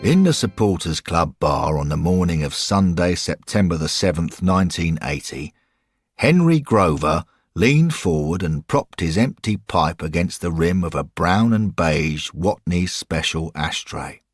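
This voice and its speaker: A man narrating a scripted audio story in a measured way. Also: sits low, lively intonation, husky, dry recording, clean studio sound.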